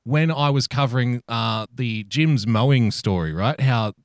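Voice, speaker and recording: A mid-pitched man ranting in casual podcast chat, sarcastic and full of swearing. He laughs often as he talks. The recording is dry and close, with no room sound. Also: unhurried, no echo. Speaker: podcast co-host.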